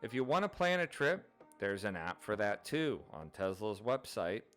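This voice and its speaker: A man hosting his own channel, narrating an informative explainer in a steady, methodical way, going through items one by one. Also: fairly low pitch, normal speed, faint music behind. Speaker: channel host.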